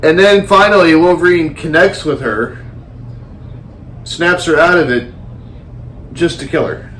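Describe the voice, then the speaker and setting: A man co-hosting a casual movie review chat, talking in a rambling, animated way with some swearing. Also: on the high side, measured pace, a little hiss or hum. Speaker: podcast co-host.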